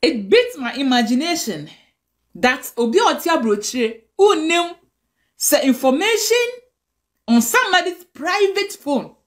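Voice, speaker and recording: A woman's voice: high voice, sing-song, measured pace. A Ghanaian woman with a Ghanaian accent, ranting angrily and scolding in a direct-to-camera video. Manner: angry, scolding rant mixing languages.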